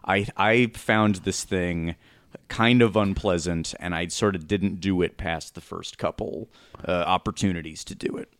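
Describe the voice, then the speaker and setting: A man hosting a podcast, chatting in a wry, easy way and trailing off softly. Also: low voice, fairly even intonation, a little slow, dry recording. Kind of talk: casual podcast chat.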